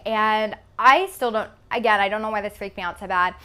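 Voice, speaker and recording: A woman's voice: a little high, moderate pace, few pauses, pushed and bright, clear, resonant tone. A woman around twenty from Texas, telling a casual storytime with lots of "like" fillers and casual swearing. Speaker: vlogger. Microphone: phone camera.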